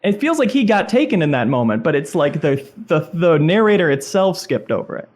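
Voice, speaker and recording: Measured man reading and discussing. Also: on the high side, very animated, darkish tone. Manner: measured, reads passages slowly. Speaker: podcast co-host. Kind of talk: casual discussion and reading aloud.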